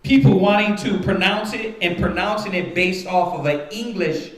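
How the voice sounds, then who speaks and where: Teaching a Bible study for his congregation one point at a time, this man's voice sits high and moves at a moderate pace. His manner is rhetorical, with a repeated "right?" to check on his listeners, and the room echoes.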